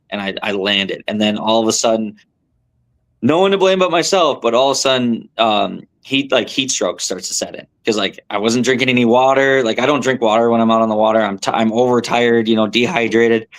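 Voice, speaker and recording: Gravelly young man telling a fishing story. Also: on the low side. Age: young adult. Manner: animated, rambling, lots of fillers and self-corrections. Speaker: tournament angler guest. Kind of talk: casual storytelling on a podcast.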